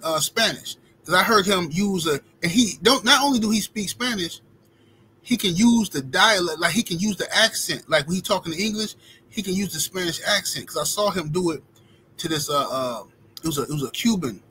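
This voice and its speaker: A man's voice: high-pitched, a bit bright, slight background noise, poor audio. Slangy, rambling male livestream host. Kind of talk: casual storytelling and reading super chats.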